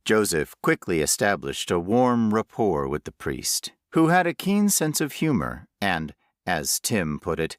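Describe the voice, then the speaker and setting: Male audiobook narrator, slow and lively in pitch, lowish voice, dry close mic. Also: dry recording. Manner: unhurried, expressive reading. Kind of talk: scripted narration.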